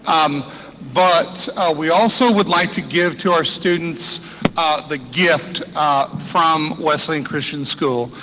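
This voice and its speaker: Slow-talking guy announcing at a graduation, um-ing a lot, faint room noise and echo. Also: a little high. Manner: hesitant, many fillers.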